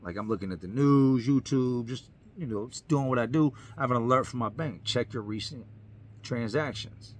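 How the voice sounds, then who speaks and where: A man's voice: mid-range voice, moderate pace, a little hiss or hum. A man, a YouTuber, telling his own story in an earnest, emphatic way, repeating lines for effect. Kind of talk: personal storytelling to camera.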